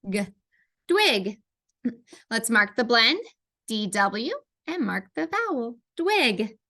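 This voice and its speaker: A woman teaching children to read, breaking each word into its sounds in a slow, patient rhythm. Her voice is fairly high and bright, and she takes her time over every sound. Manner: slow, sounding out words letter by letter. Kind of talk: phonics lesson for children.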